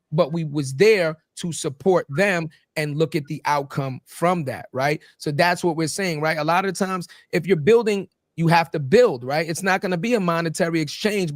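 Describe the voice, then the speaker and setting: A man's voice: a little high, no room sound, studio quality. A man hosting a podcast, talking in a loose, profane, emphatic way as he tells stories. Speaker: podcast host. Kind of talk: casual podcast conversation.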